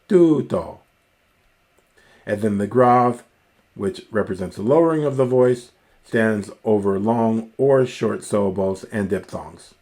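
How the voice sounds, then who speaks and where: A man teaching a recorded Greek grammar lesson, sounding out Greek words slowly and carefully, with a dry aside now and then. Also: fairly low pitch, darkish tone.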